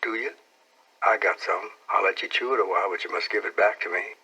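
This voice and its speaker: A man voicing a timid young schoolgirl, speaking softly and hesitantly in a raised voice. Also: fairly quick, breathy edge, exaggerated voice, poor audio. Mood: shy. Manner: soft, hesitant, lifted pitch.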